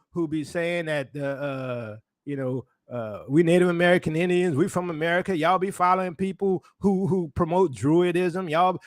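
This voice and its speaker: A man's voice: sits high, no echo, clean studio sound. A man preaching in a casual sermon style, hammering points with repeated phrases and rhetorical questions. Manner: emphatic, repetitive rhetorical questions. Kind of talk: street-style sermon commentary.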